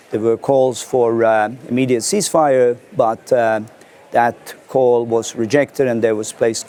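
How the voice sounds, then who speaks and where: Measured man hosting a formal interview. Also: mid-range voice, darkish tone. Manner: measured, formal, with halting fillers. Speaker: interview host. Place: studio.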